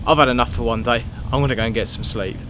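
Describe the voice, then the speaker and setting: A man's voice: medium pitch, quick pace, noisy background. A man chatting casually in a vlog, in a self-deprecating way, from a car and by the roadside. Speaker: vlogger. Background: music.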